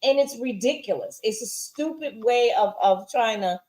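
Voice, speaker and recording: A woman's voice: on the high side, expressive, normal speed, darkish tone. A woman co-hosting a casual TV episode review, firmly arguing her view of the plot. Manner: firm, opinionated, insists on her reading of the plot. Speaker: show co-host reviewing a TV episode.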